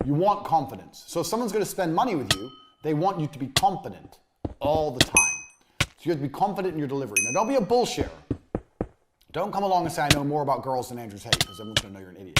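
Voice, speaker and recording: Blunt man lecturing over loud noise. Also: on the high side, very animated, fast talker. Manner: blunt, emphatic and profane. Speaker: business course instructor. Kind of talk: recorded course lecture.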